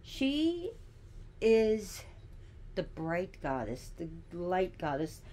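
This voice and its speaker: A woman's voice: lowish voice, sing-song, extremely slow, mellow. A woman giving a casual teaching monologue, chatty and digressive, with sassy asides.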